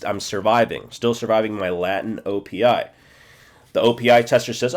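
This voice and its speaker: A man in his forties teaching a self-study language lesson, thinking aloud, checking himself and repeating phrases slowly. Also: fairly low pitch, steady tone. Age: 40s.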